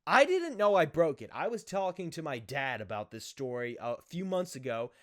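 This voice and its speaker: A young man tells a childhood story straight to the camera, casual and lively. His voice sits a bit higher than most men's, and he laughs at himself as he acts out what the others said. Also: moderate pace. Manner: animated, self-mocking, acts out quoted voices. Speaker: vlogger.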